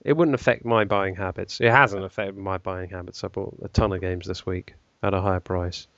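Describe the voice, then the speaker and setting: A man's voice: sits low, steady tone, a little fast, fairly bright tone, dry recording, dull audio. A young British man co-hosting a casual tech podcast, joking and laughing as he runs through news items. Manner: jokey, laughing often, reading news items. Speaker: podcast co-host. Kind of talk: casual chat.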